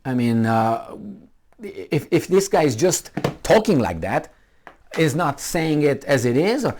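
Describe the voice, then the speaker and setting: A man's voice: a little high, very animated, measured pace, a little mellow, a little hiss or hum. A man giving a sarcastic, mocking monologue commentary, talking directly to the listener. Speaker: political commentator.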